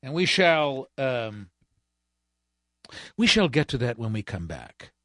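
A man's voice: medium pitch, sing-song, slow, a bit bright, no room sound. A man hosting a political talk radio show, delivering a sarcastic, ranting monologue as a fill-in host into a studio microphone.

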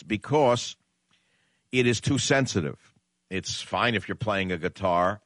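A lower-pitched man with a New York accent holds forth as a talk radio host, brash and conversational. He stretches out words for emphasis, and the studio mic gives a dry, close sound with no room around it. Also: a little slow, long pauses, fairly bright tone, no echo. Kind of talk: opinionated talk radio monologue. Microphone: studio condenser microphone.

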